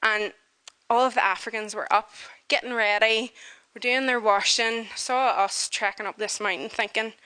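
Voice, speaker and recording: A woman telling a funny personal story in an animated, chatty way, sharing a testimony. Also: fairly high pitch, normal speed, clean tone. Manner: animated, chatty, full of fillers.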